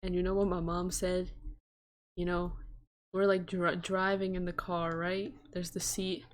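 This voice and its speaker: A young woman streamer telling a childhood story on stream, acting out the voices with gasps and loud jumps. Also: on the low side, level tone, measured pace.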